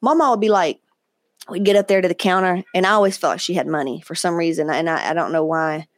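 A woman podcast host, telling personal stories in a candid, profane, animated way. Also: fairly low pitch, fast talker, dry recording, clean studio sound. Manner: candid, profane, animated, quoting others in asides. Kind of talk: casual storytelling monologue.

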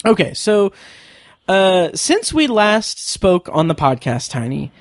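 A man's voice: high voice, very animated, takes it slowly, no echo, studio quality. A man co-hosting a podcast in casual chat, rambling with lots of fillers and restarts. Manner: rambling, many fillers and restarts, laughs often. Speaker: podcast co-host.

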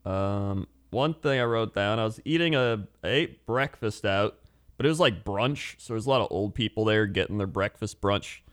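A podcast co-host rambles through stories in a casual chat, saying "like" a lot and laughing often. His voice is on the low side at a moderate pace, captured cleanly in a studio with no room sound.

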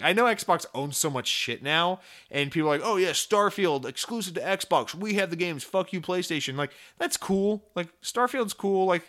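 A young man with a bright, forceful voice that sits a little high for a man. He rants about games in a loose, animated way, swearing freely and piling on filler words. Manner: animated, profane, rambling with fillers. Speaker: gaming commentator. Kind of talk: casual opinion rant.

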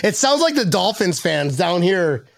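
A man hosting a casual live-stream chat, rambling, joking and getting excited. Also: high-pitched, measured pace, creaky, no room sound, studio quality. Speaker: podcast host.

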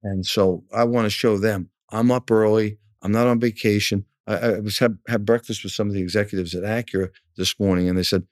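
A man's voice: on the low side, fairly even intonation, brisk, few pauses, dry recording, studio quality. A man, a car dealership manager, talking frankly in a casual interview, often repeating a word as he starts a sentence. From New York area.

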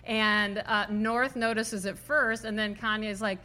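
Bright-voiced woman chatting animatedly. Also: mid-range voice, a little slow. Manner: animated, laughs often, acts out quotes. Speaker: podcast co-host. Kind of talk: casual chat.

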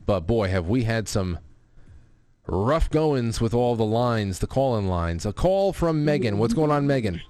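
A man's voice: medium pitch, expressive, a little slow, a little mellow, dry recording. A man hosting a call-in show, rambling in casual chat with many restarts. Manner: rambling, chatty, with frequent restarts and fillers. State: grieving his stepfather.

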